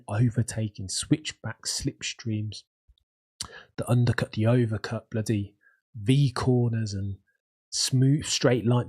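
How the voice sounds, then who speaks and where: A man with a Birmingham accent hosts a casual live stream from home, rambling with real enthusiasm. His voice sits fairly low and has a husky edge. He reads out chat and answers it in easy, chatty runs.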